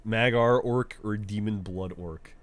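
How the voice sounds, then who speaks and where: Relaxed, unhurried male streamer. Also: on the low side. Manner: laid-back banter with chat, swearing and laughing. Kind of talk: casual live-stream chat while playing. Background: faint game music.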